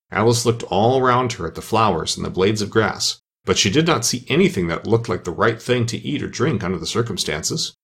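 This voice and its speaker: A man narrating a children's storybook with expressive, lively delivery. His voice is gravelly and husky, and his pitch swings widely. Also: a little fast, hardly any pauses. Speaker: audiobook narrator.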